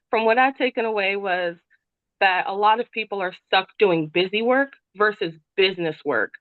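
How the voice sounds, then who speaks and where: A woman's voice: lowish voice, dry recording, phone-quality sound. A woman on a group call sharing what she learned in an earnest, heartfelt way. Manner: earnest and heartfelt, with some restarts. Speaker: call participant.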